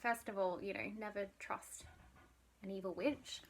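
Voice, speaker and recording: A young adult woman teaches a casual literature lesson at a measured pace, her voice medium-pitched. She's chatty, says "like" a lot, and sometimes slips into a whisper.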